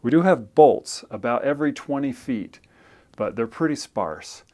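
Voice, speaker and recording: A man's voice: medium pitch, normal speed. Guy telling a story, chatty, self-deprecating, jumps into different voices for the dialogue, mid-range voice. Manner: animated, acts out dialogue with shifts in voice; self-deprecating, conversational with fillers. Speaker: storyteller and loan officer. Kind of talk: casual spoken storytelling.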